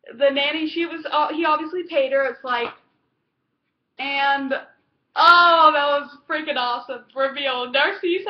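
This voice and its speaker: A woman recapping a TV episode in casual chat, rambling and gushing, with lots of fillers and restarts. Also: sits high. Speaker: TV episode reviewer. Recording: dull lo-fi home recording.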